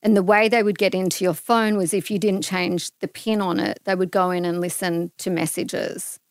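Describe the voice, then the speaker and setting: A woman's voice: lowish voice, moderate pace, no echo, studio quality. A middle-aged woman from Australia, a podcast guest telling a personal story in casual conversation and acting out the dialogue. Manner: animated, acts out dialogue in her stories.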